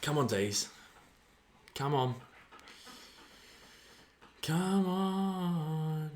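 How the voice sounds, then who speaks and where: An Australian man giving live fan commentary on a football match, excitable, shouting player names and dropping to mutters. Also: on the high side, drawn-out words, slight background noise. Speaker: fan streamer.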